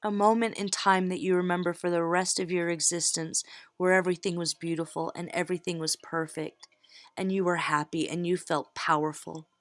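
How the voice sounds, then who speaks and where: Reading tarot for her viewers, a middle-aged woman with a lowish voice speaks to them directly in a casual, warm, encouraging pep-talk style. The recording is dry.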